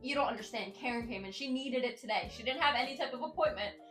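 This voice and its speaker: A woman's voice: a little high, quick pace, fairly bright tone, close to an everyday voice. A woman voicing a breezy, overly reassuring female vet receptionist who rambles. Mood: placating. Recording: echoey room, faint music.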